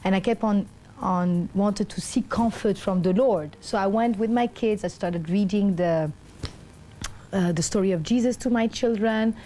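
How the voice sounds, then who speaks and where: Middle-aged woman telling a personal story, warm soft voice, rambles, tons of ums, does everyone's voices. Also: medium pitch, moderate pace, slight background noise. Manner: animated, acts out the voices of others; rambling with many fillers and restarts. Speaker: interview guest.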